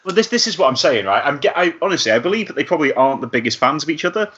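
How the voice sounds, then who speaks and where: A man co-hosting a podcast in casual chat, lively, with hedging asides and frequent laughter. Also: a little high, very fast, husky, highs cut off. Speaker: podcast co-host.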